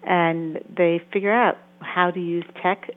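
A woman's voice: lowish voice, fairly even intonation, measured pace. A woman therapist and author giving earnest interview answers, sometimes acting out the voices she quotes. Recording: tinny phone-like sound.

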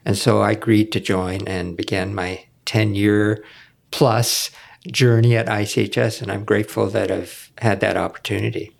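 A man's voice: lowish voice, flat delivery, normal speed, gravelly. A man, a podcast guest, telling a rambling personal story with lots of fillers. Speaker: guest, former foundation executive director. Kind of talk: casual storytelling.

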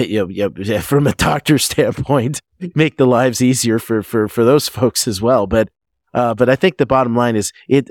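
A man who is a guest physician, answering interview questions in a halting way, often restarting his sentences. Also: medium pitch, no room sound, studio quality. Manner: halting, frequent restarts and fillers. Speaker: guest physician, medical director.

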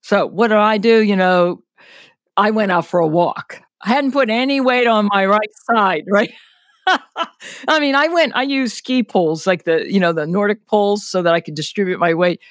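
In a conversational interview, a senior athlete, an older man, shares the story of his injury candidly and in detail, often saying "you know" and "like." He sits high in pitch with a fairly bright tone and normal speed; the studio sound is clean, with no echo.

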